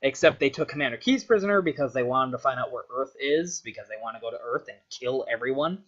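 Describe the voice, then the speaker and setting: A man's voice: mid-range voice, lively intonation, quick pace, fairly bright tone. A young man telling a story in a loose, casual ramble, swearing and saying "like" a lot. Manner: loose, sweary, full of filler "like". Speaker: vlogger. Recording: dull lo-fi recording.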